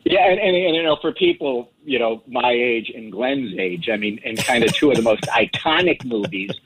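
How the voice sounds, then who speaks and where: A man's voice: mid-range voice, lively intonation, moderate pace, fairly bright tone, slightly rough. A man chatting casually as a guest commentator, talkative with many restarts and fillers. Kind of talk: casual chat. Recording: lo-fi phone line.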